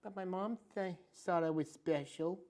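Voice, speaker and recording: A man's voice: sits high, normal speed, noisy background. A man co-hosting a casual podcast chat in a library podcast room, loose and joking, swearing casually. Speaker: podcast co-host.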